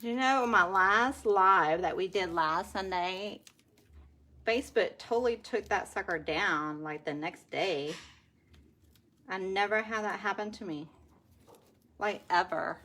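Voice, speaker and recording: A woman's voice: medium pitch, slow pace, pauses often, sharp tone. Chatty woman. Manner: chatty, laughs often, talks to viewers as y'all. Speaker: craft livestream host. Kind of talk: casual live craft chat.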